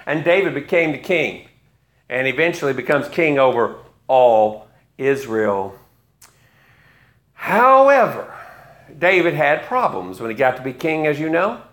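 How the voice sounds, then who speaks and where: A man's voice: mid-range voice, very animated, measured pace, long pauses, a bit bright. A man in his fifties preaching a sermon, retelling a story with wry asides. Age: 50s.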